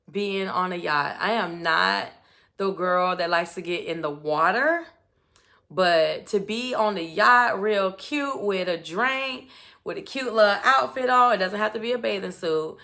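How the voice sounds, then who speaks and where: A woman's voice: medium pitch, gravelly, sharp tone. A woman giving a casual, chatty recap of a reality show, telling it expressively with lots of asides. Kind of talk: casual commentary.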